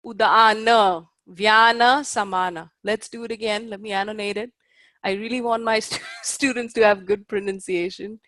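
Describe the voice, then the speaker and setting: A woman teaching a class at a mid pitch, her explanations patient and dotted with small fillers. She stops often to check that her students understand. Her voice sounds close and dry, with no room in it. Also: little pitch movement, a little fast, dry recording. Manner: careful over Sanskrit pronunciation. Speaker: Ayurveda teacher. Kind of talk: lecturing a class.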